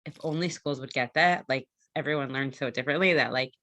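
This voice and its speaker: A woman's voice: extremely low pitch, a little fast, a bit bright. A woman hosting an interview, asking curious questions in a chatty way that drifts off on tangents. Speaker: podcast host, interviewer. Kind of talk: casual interview conversation.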